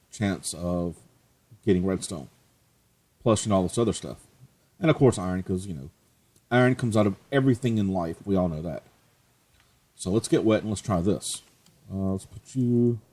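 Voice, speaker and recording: Let's play host, male, low and husky, chatty and jokey. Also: lively intonation, normal speed, pauses often, mellow. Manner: chatty, joking, self-mocking. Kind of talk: casual gameplay commentary.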